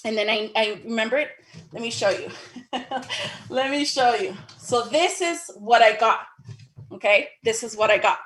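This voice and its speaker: A woman casually telling her own story in an animated way, acting out the dialogue with sudden high exclamations. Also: moderate pace.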